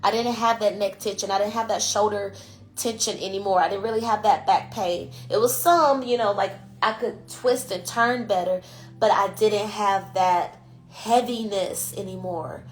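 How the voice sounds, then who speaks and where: A woman's voice: medium pitch, normal speed, faint music behind. A woman podcast host and intuitive coach talking in a casual, emphatic monologue, often tagging "you know" onto her points. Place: IG Live recording.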